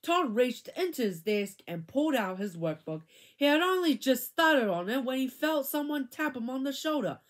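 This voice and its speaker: A woman reading a children's chapter book aloud with animated expression. Her fairly high voice rises and falls widely from line to line. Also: moderate pace. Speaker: reader.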